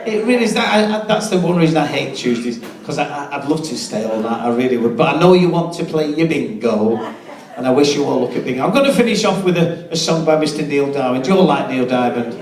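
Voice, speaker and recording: A man's voice: a little high, lively intonation, fast, a little mellow, far from the mic. A middle-aged man, telling a comic story to a hotel audience. He chuckles at his own punchlines and stumbles into restarts. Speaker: hotel entertainer. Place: hotel function room with live audience. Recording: echoey hall, voice off-mic, with music.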